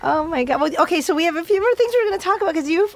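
High-voiced giggly podcast host woman. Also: animated. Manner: giggly, quick reactions. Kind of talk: casual chat.

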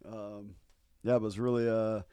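A man's voice: fairly low pitch, flat delivery, a little slow, mellow, clean tone, no room sound. A man chatting casually, telling stories full of fillers and restarts. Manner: rambling storyteller with frequent fillers and restarts. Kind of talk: casual chat.

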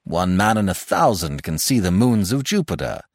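A man reading a story aloud, voicing a calm, wry older doctor who speaks soothingly and matter-of-factly. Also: low voice, no room sound, studio quality, heavily acted. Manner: soothing, unhurried, matter-of-fact.

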